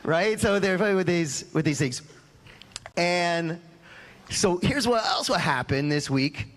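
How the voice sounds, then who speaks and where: A man's voice: high-pitched, animated, measured pace, a bit bright. A man in his forties, a rabbi telling a personal story in a casual sermon and often tossing in "right?". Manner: chatty, with rhetorical "right?" asides.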